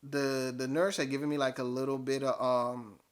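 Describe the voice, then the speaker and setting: A man telling a personal story casually, animated and full of fillers. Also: medium pitch, normal speed, smooth. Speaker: vlogger.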